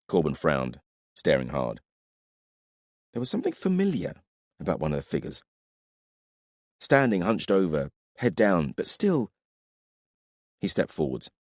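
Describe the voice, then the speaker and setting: Deep male narrator, highly animated reading, dry close sound. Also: normal speed, long pauses, no echo. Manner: expressive storytelling. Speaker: audiobook narrator. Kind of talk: scripted narration.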